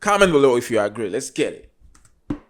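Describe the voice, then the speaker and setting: A man reacts to videos in a casual, hyped way, repeating his catchphrases over and over. His voice is mid-pitched, and his talk drifts loosely between comments. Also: sing-song. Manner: repetitive hype catchphrases, drawn-out asides. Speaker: reaction channel host.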